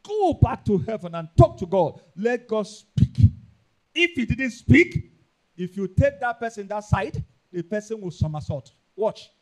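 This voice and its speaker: A man with a Nigerian accent preaching a sermon, emphatic and repetitive, rising into loud bursts. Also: high-pitched, very animated, unhurried. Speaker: pastor.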